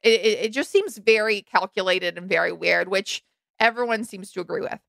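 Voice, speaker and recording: Young woman, podcast co-host, bright tense tone, gravelly fry, dry close mic, animated and frank. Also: medium pitch, moderate pace, dry recording. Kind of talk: casual recap chat.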